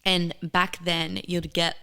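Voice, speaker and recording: A woman's voice: fairly low pitch, level tone, slow, pushed and bright, smooth. A woman, co-hosting a podcast and telling personal stories candidly, in a rambling way with lots of fillers. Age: 20s. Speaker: podcast co-host. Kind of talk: casual chat.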